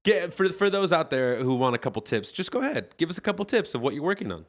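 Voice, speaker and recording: A man's voice: a little high, very animated, fast. A young man co-hosting a casual podcast, playful and teasing, laughing easily. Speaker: co-host.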